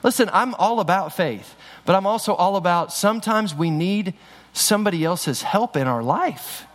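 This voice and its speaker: A man's voice: high voice, animated, moderate pace. A middle-aged man preaching a sermon in a church, talking conversationally with frequent restarts. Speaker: pastor. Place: church sanctuary. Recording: long hall reverb.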